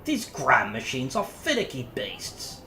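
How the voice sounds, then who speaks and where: A man voicing a gruff female mechanic with a Yorkshire accent, grumbling in a raised, strained voice. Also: huge pitch swings, unhurried, sharp tone, heavily acted. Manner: grumbling, high strained put-on voice. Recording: roomy echo, faint noise.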